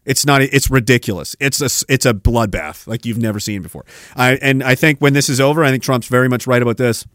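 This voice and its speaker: A man's voice: mid-range voice, a little fast, fairly bright tone, no room sound, studio quality. Heated, profane man hosting a rant. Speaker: podcast host. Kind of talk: ranting political commentary.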